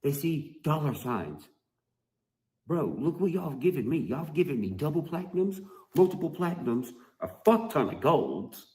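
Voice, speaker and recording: A man's voice: a little high, big pitch swings, normal speed, a little mellow. A man, a musician, ranting to his fans in a mocking, heavily profane, emphatic way. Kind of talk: profane video rant. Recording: roomy echoey room.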